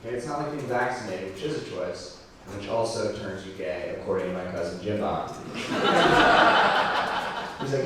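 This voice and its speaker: A young man performing a stand-up comedy set in a club, with wry, self-deprecating delivery and quick crowd work. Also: on the low side. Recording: echoey club room from a distance with audience noise.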